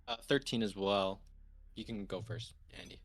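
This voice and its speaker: Male player, low voice, easygoing banter at the table. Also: normal speed. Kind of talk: casual chat.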